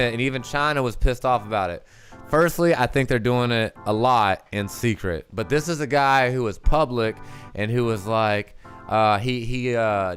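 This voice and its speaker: A man's voice: medium pitch, fairly bright tone, clean tone. A man co-hosting a casual livestream chat, joking loosely and swearing often. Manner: loose, profane, joking banter. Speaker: co-host.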